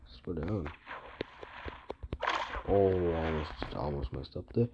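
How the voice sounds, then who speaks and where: A man giving casual gameplay commentary, mumbling and breaking into excitable outbursts and groans, recorded with a phone screen recorder. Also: very deep voice, takes it slowly, lo-fi sound, very noisy. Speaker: gamer. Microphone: phone screen recorder mic.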